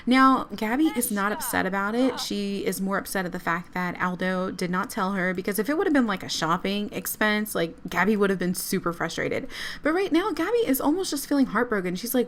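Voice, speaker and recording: A woman's voice: medium pitch, expressive, a little fast, a little hiss or hum. A woman casually narrating her life-simulation game, voicing her characters' thoughts as she goes. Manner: chatty, narrates sims' thoughts in quoted lines. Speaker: let's play creator.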